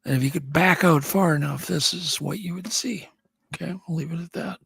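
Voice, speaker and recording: Gravelly-voiced man chatting on a podcast. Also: a little high, fairly quick, fairly bright tone. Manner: chatty, rambling news rundown with restarts. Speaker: podcast co-host. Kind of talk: casual chat.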